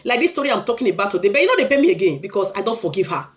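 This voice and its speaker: A woman's voice: medium pitch, very animated, rapid-fire. A Nigerian woman sharing a painful personal story as a heartfelt testimony, pleading and preacherly as she urges listeners to forgive.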